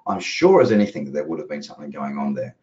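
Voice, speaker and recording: A man's voice: extremely low pitch, very animated, fast, darkish tone. A man giving casual, rambling live market commentary as a trading educator, chatty and casually profane. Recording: roomy, dull lo-fi audio.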